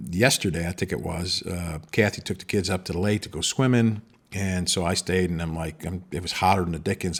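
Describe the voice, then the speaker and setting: This is a low, somewhat rough voice belonging to a middle-aged man who hosts a podcast. His casual monologue wanders, with plenty of false starts.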